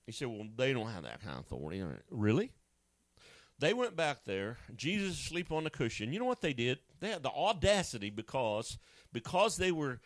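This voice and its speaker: Male pastor, lively swooping delivery, dry booming close-up sound, jokey asides. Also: no echo. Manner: animated, acts out voices with sudden high pitch jumps; conversational and joking, with asides to a co-host. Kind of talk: sermon.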